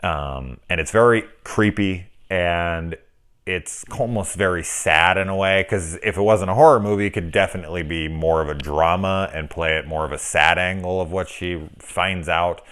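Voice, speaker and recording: Deep-voiced middle-aged man ranting casually. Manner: profane, ranting, acts out quoted reactions. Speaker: film reviewer. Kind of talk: casual spoken film review.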